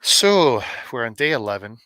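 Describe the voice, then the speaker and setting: Bright-voiced middle-aged man chatting on a stream. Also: mid-range voice, very animated, moderate pace, slight background noise. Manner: rambling, joking, chats to viewers by name. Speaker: live streamer opening advent calendars. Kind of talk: casual live-stream chat.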